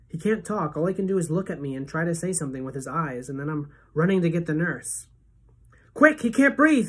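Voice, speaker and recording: A woman teacher reading a novel aloud to her class as a first-person narrator, steady and expressive. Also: deep voice, husky.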